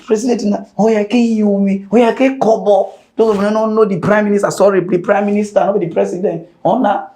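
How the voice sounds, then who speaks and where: A high-pitched man talks in Nigerian Pidgin English as a mock news anchor. He jokes through the headlines, swinging from hushed asides to loud outbursts. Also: brisk, few pauses. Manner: animated, jokey, shifts between whispers and shouts. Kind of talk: comic pidgin news commentary.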